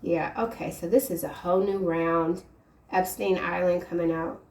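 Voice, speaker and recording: A woman giving a casual tarot reading, rambling and halting as she works through the cards. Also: lowish voice, steady tone, a little mellow, roomy sound, recorded from a distance. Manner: rambling, halting stream of card interpretations. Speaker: tarot reader.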